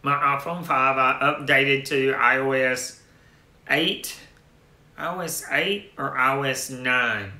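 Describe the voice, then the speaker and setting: A man's voice: medium pitch, fairly even intonation, takes it slowly, pushed and bright, echoey room. A man hosting a tech channel in casual live-stream chat, rambling with restarted phrases as he answers viewer comments.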